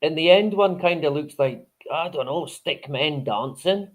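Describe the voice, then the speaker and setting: A man's voice: on the high side, animated, measured pace. A man hosting a live stream in casual chat, rambling, swearing freely and chuckling often.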